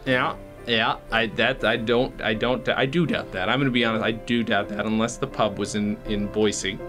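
A man playing a halting, awkward friend. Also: on the low side, steady tone, a bit bright, soft background music, close to an everyday voice. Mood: hesitant. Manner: hesitant, halting, polite. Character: awkward, patient man confronting his friend. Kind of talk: comedy sketch.

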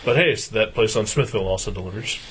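A man co-hosting a podcast, telling a profane story in casual chat and getting loud as he retells his anger. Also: on the low side, fast talker, husky. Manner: profane ranting anecdote, gets loud when retelling anger. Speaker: podcast co-host.

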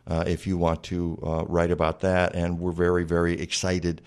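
Rambling, low-voiced male radio host. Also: monotone, normal speed, a little mellow. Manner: chatty, rambling with many fillers. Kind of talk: casual radio talk. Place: radio studio.

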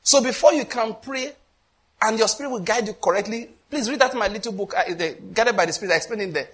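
A man's voice: high-pitched, quick pace, fairly bright tone, slightly rough. A man with a Nigerian accent preaching a sermon in a conversational, storytelling way. He acts out quoted dialogue and often checks whether listeners follow. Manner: often asks if listeners get the point.

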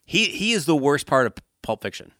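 A man with a bright, forceful voice arguing his movie takes with blunt confidence. The recording is close and dry with no room echo. He laughs easily between points. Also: fairly high pitch, very animated, brisk. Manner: blunt opinions, laughs often. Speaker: podcast co-host. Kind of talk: casual chat.

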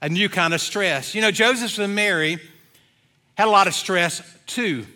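A man's voice: high-pitched, normal speed, sharp tone. A middle-aged male pastor giving a sermon in a church, telling folksy stories with many fillers. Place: church sanctuary.

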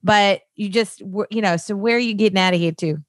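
A woman's voice: medium pitch, brisk, no room sound, clean studio sound. A woman co-hosting a podcast, bubbly and laughing as she chats casually. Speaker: podcast co-host. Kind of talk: casual chat.

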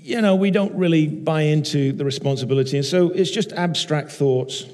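A man preaching a sermon in a measured way, repeating key phrases for emphasis. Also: on the high side, a little mellow, big-room sound.

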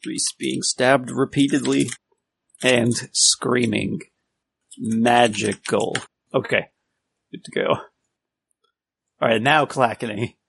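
A man's voice: mid-range voice, fairly even intonation, slow, vocal fry, pauses often, a bit bright, breathy edge. A man playing in a tabletop game, joking around and laughing a lot in casual chat. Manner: giggly, jokey. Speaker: player.

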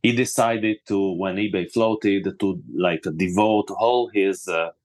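A man's voice: lowish voice, steady tone, takes it slowly. A man hosting a podcast panel, talking with many fillers and restarts as he frames questions. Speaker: podcast host.

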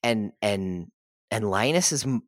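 Lower-voiced man in animated chat. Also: measured pace, no echo, studio quality. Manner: animated storytelling, acts out characters' lines. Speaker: podcast host. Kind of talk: casual chat.

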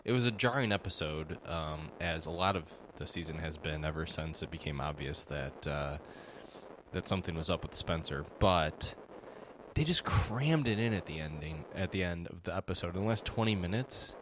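A man co-hosting a podcast, talking in a casual, dry joking way with halting restarts. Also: low voice. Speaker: podcast co-host. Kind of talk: casual TV recap chat. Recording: static hiss on the recording.

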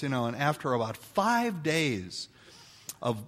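A man's voice: mid-range voice, unhurried, a little hiss or hum. Older man telling stories in an echoing hall. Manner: folksy, animated storytelling, acts out quoted voices. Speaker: speaker addressing an audience of mothers. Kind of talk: live talk to an audience. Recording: long hall reverb.

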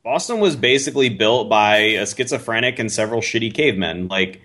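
A man's voice: lowish voice, lively intonation, brisk, sharp tone. A young American man co-hosting a podcast, riffing in crude, joking rants and laughing often. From United States. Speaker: podcast co-host. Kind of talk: casual chat.

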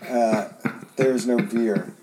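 A man's voice: medium pitch, steady tone, takes it slowly, a crowd in the background. A middle-aged man co-hosting a podcast, telling a long casual story with rambling restarts and the odd curse. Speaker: podcast co-host. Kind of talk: casual chat.

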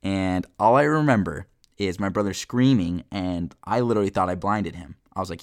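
A young man with a fairly low voice tells a childhood story on his podcast. He speaks casually, with lots of fillers. He acts out quotes with animated energy. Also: normal speed. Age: young adult. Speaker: podcast host.

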